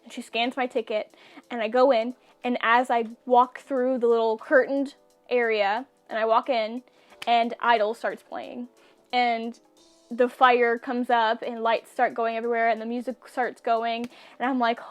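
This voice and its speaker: A young woman with a fairly high voice tells a story to her camera in a loose, chatty way. She laughs often and acts out quotes from the people she met. Soft music plays faintly behind her. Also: little pitch movement, unhurried. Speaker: vlogger. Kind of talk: casual storytelling.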